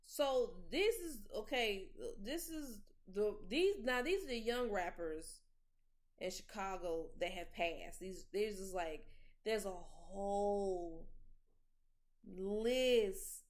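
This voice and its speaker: A young woman hosting a casual commentary chat, outspoken and animated, often stammering and restarting with plenty of slang. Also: mid-range voice, slow pace. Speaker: podcast host.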